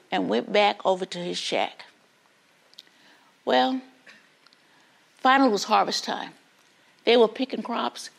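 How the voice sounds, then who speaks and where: A young woman student telling a story live in a classroom, animated and dramatic, speaking straight to her listeners. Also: a little high, a little slow, vocal fry, pauses often, husky. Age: young adult.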